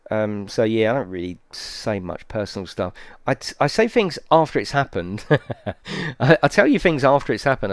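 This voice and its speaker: A man's voice: fairly low pitch, clean tone, dry recording. A middle-aged British man chatting casually on a sim racing stream, a rambling, sweary storyteller who grows heated. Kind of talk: casual live-stream chat.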